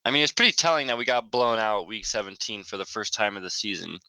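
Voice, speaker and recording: Opinionated man with a bright voice. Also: on the low side, expressive, fast, no echo, rough recording. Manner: opinionated, filler-heavy with frequent "like". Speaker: podcast co-host. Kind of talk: casual sports podcast chat.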